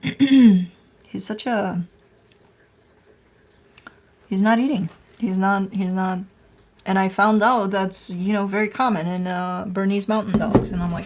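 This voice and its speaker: A woman chatting casually on a live stream, playful and talkative, with a husky voice. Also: mid-range voice, steady tone, slow, pauses often. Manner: chatty, playful, talks to her dog in baby talk. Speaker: tarot reader.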